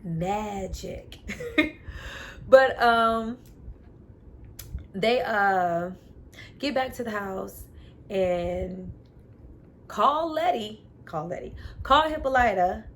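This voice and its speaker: A woman's voice: mid-range voice, extremely slow, pauses often, a little hiss or hum. A woman reviewer casually and animatedly recapping a TV episode, with lots of "you know". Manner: animated, chatty, uses filler "you know".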